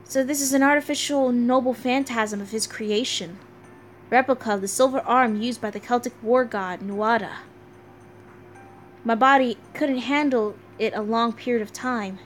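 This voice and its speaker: A woman voicing a soft-spoken young male knight in a game, reading his lines in a calm, earnest, slightly lowered voice. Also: moderate pace, a little hiss or hum, natural voice.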